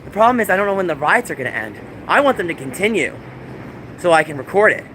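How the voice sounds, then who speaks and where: A man live-streams from his phone on city streets, his high-pitched voice swinging widely in pitch as he talks fast. The rough phone stream picks up loud street noise while he addresses his chat in distressed, pleading rants.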